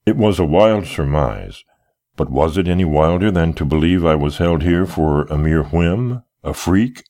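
Male audiobook narrator, deep and lively, expressive first-person reading of period fiction.

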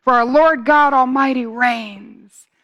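A middle-aged woman preaching a sermon, moving from hushed, slow phrases to loud, fervent reading of scripture. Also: high-pitched, muffled recording.

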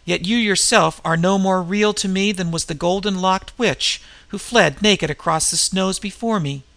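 A man's voice: sits high, moderate pace, vocal fry, a bit bright. A man reading aloud, voicing a dazed, half-frozen barbarian warrior who speaks grimly. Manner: grim and dazed. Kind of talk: audiobook reading.

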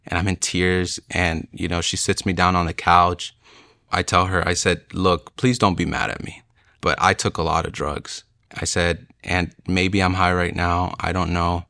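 Young man, low voice, sharing a heartfelt testimony, emotional and earnest, dry close sound. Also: flat delivery, a little slow, gravelly, pushed and bright, dry recording. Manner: earnest, emotional, with frequent "you know" fillers. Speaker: speaker sharing a conversion testimony. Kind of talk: personal testimony, casual storytelling.

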